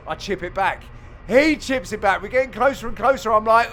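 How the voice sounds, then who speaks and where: A middle-aged man giving a cheeky, joking voice-over on his own amateur padel match, with sudden loud exclamations. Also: high voice, very animated, normal speed, faint music behind. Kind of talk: jokey voice-over commentary on match highlights.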